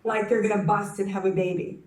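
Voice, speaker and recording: A woman telling a personal story to a conference audience, animated and acting out the voices in her story, often restarting her sentences. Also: mid-range voice, a little fast. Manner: frequent self-corrections and restarts. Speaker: conference speaker. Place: conference hall. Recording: roomy hall, speaker distant from the mic.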